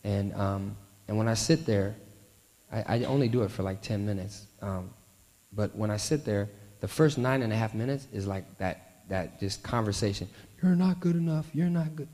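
A man preaching a sermon, telling a story and often softening his voice at tender moments. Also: lowish voice, normal speed. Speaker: pastor. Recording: long hall reverb.

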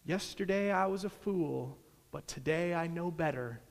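A man's voice: on the high side, unhurried, gravelly. A man voicing an annoyed young male officer in a duel, speaking raised and indignant. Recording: long hall reverb.

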